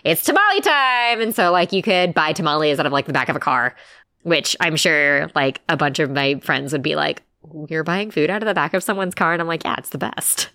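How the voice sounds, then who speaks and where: A woman podcast co-host, chatting playfully with quick asides. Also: low voice, sharp tone, no echo, clean studio sound. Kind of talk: casual chat.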